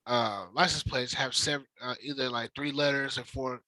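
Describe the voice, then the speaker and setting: A man's voice: medium pitch, fairly even intonation, moderate pace, pushed and bright, dry recording, poor audio. A man from Texas chatting casually, laying out his points one by one with emphasis. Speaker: podcast co-host. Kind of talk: casual chat.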